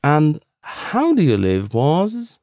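Upbeat man teaching with lively pitch. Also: takes it slowly, no room sound, studio quality. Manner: upbeat, encouraging listeners. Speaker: co-host of a language lesson. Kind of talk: scripted lesson dialogue.

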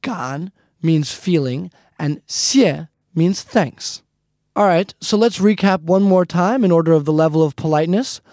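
Teaching a relaxed language class, this man repeats his points and keeps calling everyone "guys" in a friendly way. His voice is a little high and somewhat mellow, measured in pace, captured cleanly in a studio with no room sound.

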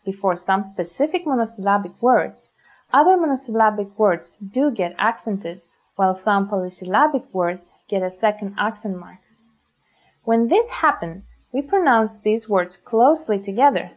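Woman teaching, slightly high voice. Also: darkish tone. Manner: clear, careful explanation with slow model pronunciations. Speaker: Greek language teacher. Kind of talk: scripted language lesson.

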